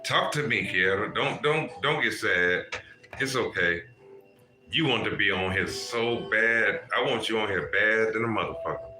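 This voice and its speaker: A man's voice: lowish voice, lively intonation, normal speed, echoey room, over music. A man hosting a livestream, lecturing his viewers in a profane, preachy way and calling out to people in the chat. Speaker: livestream host.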